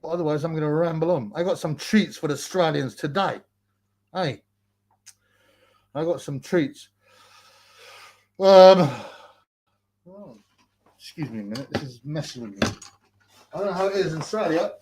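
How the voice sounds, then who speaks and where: A man's voice: on the high side, moderate pace, long pauses, darkish tone. Slangy man hosting a livestream. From United Kingdom. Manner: rambling, slangy and mocking, reads viewer comments aloud. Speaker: livestream host. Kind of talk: casual livestream chat.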